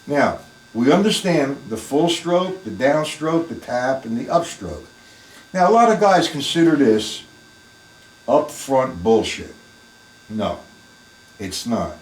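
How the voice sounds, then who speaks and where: A man's voice: mid-range voice, big pitch swings, slow pace, pauses often, roomy sound, far from the mic, rough recording. A man teaching a live online drum lesson, plain-spoken and emphatic, talking through the strokes as he plays them in his practice room.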